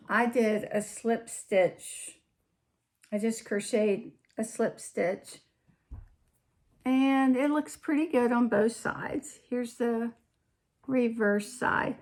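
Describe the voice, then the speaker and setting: A woman with a slightly high voice hosts a homely crafting show-and-tell. She talks very slowly and chattily, often trailing off mid-sentence and then picking the thought back up. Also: darkish tone. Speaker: podcast host.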